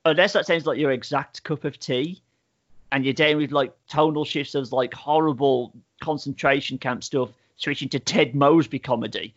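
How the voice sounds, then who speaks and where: A man's voice: medium pitch, fairly even intonation, moderate pace, muffled recording. A man in casual chat, recapping and reviewing a TV show in a rambling way, full of "like" fillers and swearing. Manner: rambling storyteller, many "like" fillers, swears freely.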